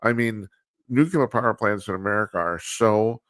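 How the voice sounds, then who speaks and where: Male talk host, low-pitched, dry close mic; rambling, profane, blunt monologue. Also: moderate pace, fairly bright tone, no echo. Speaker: radio talk show host. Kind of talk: casual political commentary monologue. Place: studio, live broadcast with video calls.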